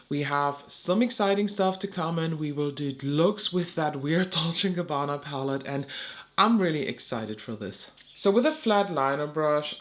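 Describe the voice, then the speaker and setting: A woman, a beauty vlogger, chatting casually and rambling as she does her makeup. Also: low-pitched. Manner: chatty, rambling, laughs at herself. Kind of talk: casual chat while doing makeup.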